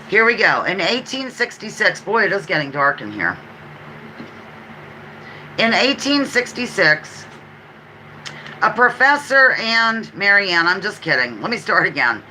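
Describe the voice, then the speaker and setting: A woman with a Pennsylvania accent hosting a live trivia stream at home. She chats casually, corrects herself and repeats clues slowly. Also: medium pitch, big pitch swings, sharp tone, a little hiss or hum, low-quality recording. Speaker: trivia livestream host.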